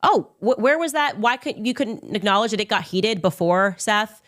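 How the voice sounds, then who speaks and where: A woman hosts her own commentary show, giving an opinionated monologue at normal speed with lively intonation and a slightly bright voice. She is combative and emphatic, mocking others sarcastically with impressions in a raised, high voice.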